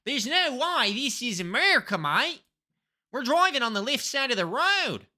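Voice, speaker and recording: A man's voice: extremely high pitch, sing-song, normal speed, bright, forceful tone, voice pushed up, exaggerated voice. A man putting on an exaggerated mock Australian accent as a joke bloke during a livestream, hammy and repeating mate. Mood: excited. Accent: put-on Australian.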